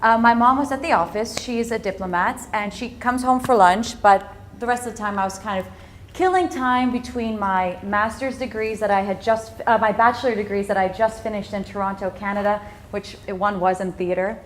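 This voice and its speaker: A woman in her thirties telling a story in a talk to an audience, in a lively way. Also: mid-range voice, normal speed, a little hiss or hum. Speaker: speaker at a business talk event.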